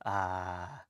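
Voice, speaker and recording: A young man live-streaming his language study, rambling and thinking out loud, often muttering to himself and restarting sentences. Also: low voice. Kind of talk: casual live-stream chatter.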